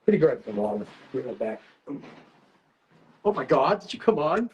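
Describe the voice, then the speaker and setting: A man's voice: medium pitch, very animated, normal speed, a little mellow, slight background noise, poor audio. A man hosting a casual livestream, rambling and emotional, often restarting his sentences. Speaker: livestream host.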